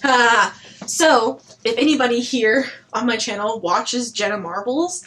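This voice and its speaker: A woman's voice: fairly high pitch, unhurried, fairly bright tone, slight background noise, rough recording. A woman chatting casually through a book review, blunt and chatty, swearing now and then and saying "like" a lot.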